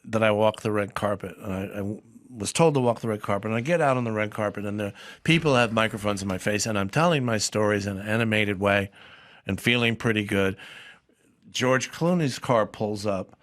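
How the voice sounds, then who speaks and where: A man in his sixties, a comedian guest on a podcast, speaking haltingly and then turning lively in his anecdotes. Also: on the low side, dry recording, studio quality. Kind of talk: casual chat.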